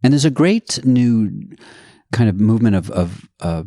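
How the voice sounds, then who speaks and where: A middle-aged man from the United States, a podcast guest chatting in an animated, digressive way that slips into playful voices. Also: medium pitch, normal speed, dry recording, studio quality. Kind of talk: casual conversation.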